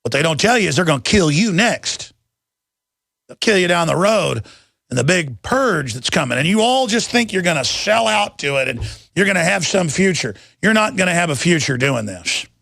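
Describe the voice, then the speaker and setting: A man's voice: a little high, big pitch swings, moderate pace, gravelly, sharp tone, no room sound, studio quality. A middle-aged man hosting a talk radio show, ranting in an angry, combative and scornful monologue.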